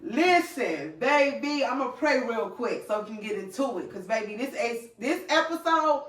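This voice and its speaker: A woman's voice: fairly high pitch, animated, normal speed. A woman hosting her own podcast solo, talking passionately in repeated, preachy bursts. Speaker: podcast host. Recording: echoey room, distant mic.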